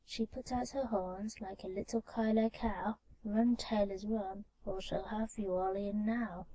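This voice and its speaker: A woman voicing a group of tiny, cheeky mice who sing merry rhymes in a soft ASMR story reading. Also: mid-range voice, fairly even intonation, unhurried, lightly acted, rough recording. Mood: singsong. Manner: singsong, merry. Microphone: binaural microphone.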